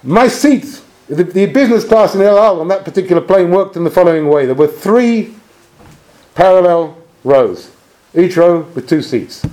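Animated man telling a personal story. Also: moderate pace. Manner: animated, expressive storytelling with swings in pitch. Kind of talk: anecdotal storytelling talk.

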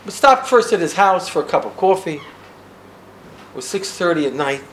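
An older man from the United States telling a personal story, swinging between loud bursts and hushed asides. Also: sits high, expressive, moderate pace, slight background noise.

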